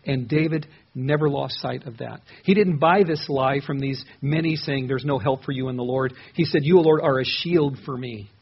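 A man's voice: mid-range voice, normal speed, hardly any pauses, slightly rough, dull audio. A man preaching an earnest, conversational sermon on a psalm as a pastor, often restarting his sentences.

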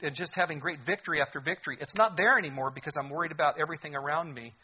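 A man's voice: a little high, racing, dull audio. A man preaching a sermon in an earnest, conversational way, asking his listeners rhetorical questions. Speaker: pastor.

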